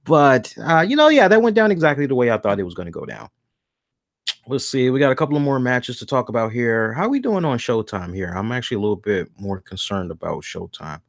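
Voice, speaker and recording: A man hosting a wrestling review show in a casual chat, animated and acting out the voices he quotes. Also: medium pitch, a little fast, dry recording, clean studio sound.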